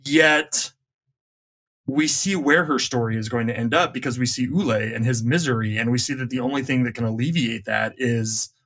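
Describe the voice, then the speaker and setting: Bright-voiced reflective man. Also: mid-range voice, moderate pace. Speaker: podcast guest, writer. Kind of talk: casual discussion.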